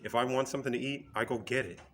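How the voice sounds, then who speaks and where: A man voicing a fierce male wild lion who speaks in a plain, steady, matter-of-fact way. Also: medium pitch, rapid-fire, slight background noise, natural voice.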